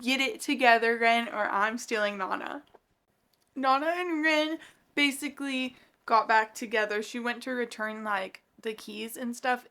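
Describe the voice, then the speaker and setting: A young woman in her twenties talks through a manga as a book vlogger, gushing and reacting with animated excitement. Her voice is bright and sits a little high. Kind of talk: casual reading vlog.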